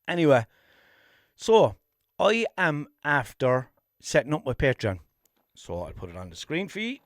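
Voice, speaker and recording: A man's voice: lowish voice, dry recording, clean studio sound. A man with a Limerick Irish accent hosting a solo comedy podcast, rambling and self-mocking, swearing casually. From Ireland. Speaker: podcast host.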